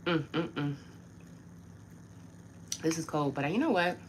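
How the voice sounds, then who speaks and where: Livestream host, female, low-pitched, chatty and exasperated, addressing the audience; noisy home recording with clicks. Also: expressive, measured pace. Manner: chatty and frustrated, addressing viewers directly. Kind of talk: casual live chat with viewers.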